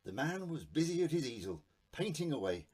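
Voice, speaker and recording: Guy reading a spoof kids story, wry, kinda husky. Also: fairly high pitch, big pitch swings, brisk, a little mellow. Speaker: narrator. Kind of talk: satirical storybook narration.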